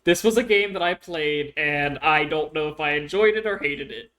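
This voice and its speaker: Rambling, lower-voiced woman telling stories. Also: normal speed, fairly bright tone. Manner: rambling storyteller, many fillers like "like". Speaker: guest streamer. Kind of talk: casual chat.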